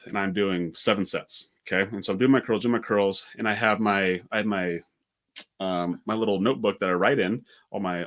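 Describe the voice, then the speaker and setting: A man speaking in a somewhat low voice tells a story at a rapid clip during a relaxed podcast chat. He talks in an animated way and keeps slipping in fillers and restarts. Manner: fast, animated, many "like" fillers. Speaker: podcast co-host.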